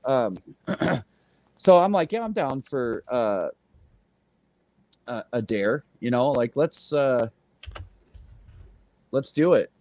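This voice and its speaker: A guest on a crypto livestream chats casually, rambling through a story while laughing often and acting out the voices he quotes. His mid-range, darkish voice has lively intonation, a slow pace and long pauses. There is no room sound.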